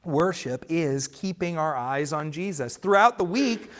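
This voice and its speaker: A man's voice: on the high side, animated, unhurried. A man preaching a sermon as pastor, earnest and emphatic, sometimes restarting words mid-phrase. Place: church sanctuary.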